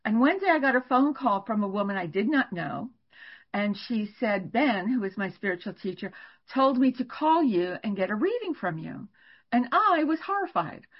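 An older woman, a guest astrologer, telling stories in an animated way and laughing now and then during a podcast interview. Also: mid-range voice, normal speed, slightly rough. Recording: dull lo-fi recording.

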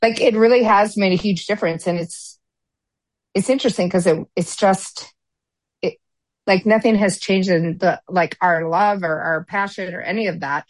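A woman's voice: medium pitch, moderate pace, dry recording. A woman in casual conversation, rambling with many fillers and restarts. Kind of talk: casual chat.

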